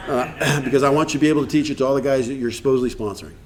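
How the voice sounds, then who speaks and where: A man's voice: mid-range voice, rapid-fire. Earnest man leading a recovery workshop. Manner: earnest, acts out dialogue. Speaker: workshop speaker. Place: meeting room with audience.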